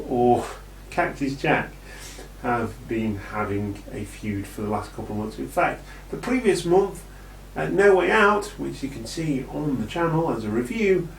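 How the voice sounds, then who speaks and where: A man's voice: medium pitch, a little mellow, slight background noise. A British man casually reviewing an old wrestling event, rambling and joking with plenty of ums. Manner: rambling and jokey, with many ums. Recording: echoey room, distant from the mic.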